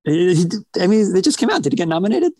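A man co-hosting a podcast in casual chat, chatty and quick to laugh. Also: sits high, big pitch swings, a little mellow, no echo. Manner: chatty, laughs often, retells bits with put-on voices. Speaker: podcast co-host.

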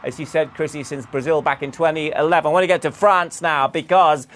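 A man delivering a lively sports news report with effusive enthusiasm. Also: fairly high pitch, brisk. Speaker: sports correspondent.

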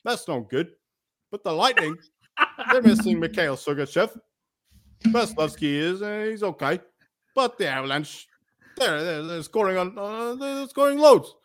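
A man's voice: high-pitched, animated, moderate pace, pauses often, voice pushed up. A man faking a hammy Aussie bettor. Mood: joking. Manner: hammy, profane, laughing through it. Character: rowdy man faking a bad Australian accent.

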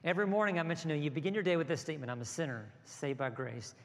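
Male pastor, fairly high voice, sermon with hushed lows and rhythmic rises, big hall echo. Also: very fast. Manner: builds from soft, low asides to raised, rhythmic exhortation. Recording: long hall reverb with soft music behind.

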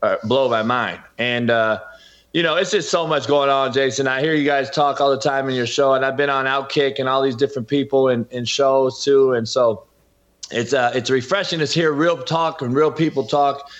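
A man's voice: mid-range voice, steady tone, moderate pace, a bit bright, muffled recording. A man, a podcast host and former coach, talking as a guest in a heated, emphatic and preachy way. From California. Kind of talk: heated interview talk.

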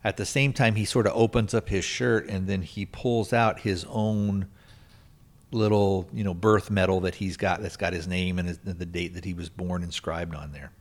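A man's voice: low-pitched, steady tone, moderate pace. A man hosting a podcast, casually retelling a film's plot in a rambling way, with many restarts and filler words. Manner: rambling, lots of restarts and "you know". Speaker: podcast host reviewing a film.

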